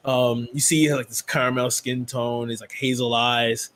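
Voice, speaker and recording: A man's voice: mid-range voice, flat delivery, normal speed, fairly bright tone. Rambling man running a tabletop game. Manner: rambling, full of "like" and "um" fillers. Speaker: game master.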